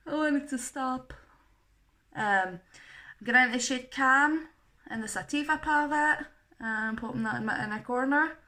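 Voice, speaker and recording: A woman's voice: high-pitched, normal speed, pauses often, bright, forceful tone. A young woman talking through a makeup tutorial in a chatty, self-deprecating way. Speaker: makeup artist.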